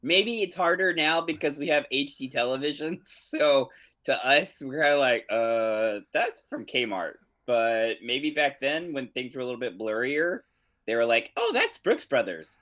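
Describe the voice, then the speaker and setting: A man's voice: medium pitch, unhurried, sharp tone. A man co-hosting a podcast, chatting playfully and giggling as he recaps a TV episode. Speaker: podcast co-host. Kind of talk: casual comedic recap chat.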